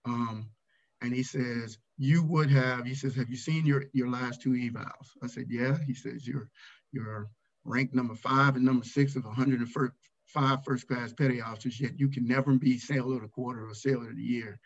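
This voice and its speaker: A man's voice: medium pitch, normal speed, muffled recording. A middle-aged man, a retired navy command master chief, candidly telling a story from his career in a casual interview. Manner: candid, animated when retelling his anger.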